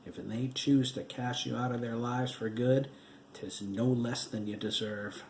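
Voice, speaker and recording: A man's voice: medium pitch, little pitch movement, measured pace, a little mellow, echoey room, slight background noise, natural voice. A man voicing the stern, unforgiving ghost of a dead husband in an audiobook, mocking and cold.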